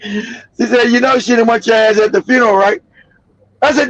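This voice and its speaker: A man in his fifties from Los Angeles telling a loud, profane story on a livestream, laughing often. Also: very high voice, brisk, lo-fi sound. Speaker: livestream host.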